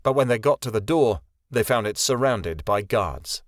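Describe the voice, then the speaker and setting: A man narrating a fantasy audiobook in a steady, even storytelling voice. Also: lowish voice, moderate pace, no room sound, clean studio sound. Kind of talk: scripted narration.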